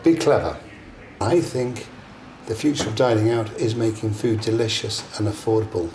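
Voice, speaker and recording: Gravelly older man, blunt and chatty. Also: fairly low pitch, moderate pace, darkish tone. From England. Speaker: chef interviewee. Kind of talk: casual interview. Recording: echoey room with background noise.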